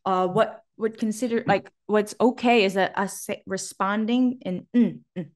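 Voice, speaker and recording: A woman's voice: medium pitch, a little slow. A woman co-hosting a podcast in casual chat, animatedly acting out what people said, with frequent laughs. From Philippines. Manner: animated, acts out quotes with laughs. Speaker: podcast co-host.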